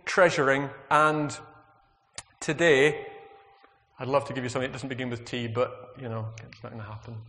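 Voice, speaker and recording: A man preaching a sermon, earnest and reflective, asking the congregation questions. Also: mid-range voice. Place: church. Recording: long hall reverb.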